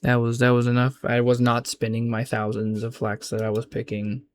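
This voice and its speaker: Young man, gaming vlogger, casual rambling chat, slangy, mid-pitched voice. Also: monotone, normal speed, slight background noise. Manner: loose, slangy, rambling with frequent restarts.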